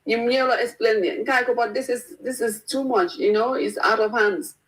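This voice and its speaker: A woman's voice: a little high, normal speed, low-quality recording. Chatty woman panelist. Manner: chatty storyteller, mixes English with local language. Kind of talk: talk show discussion.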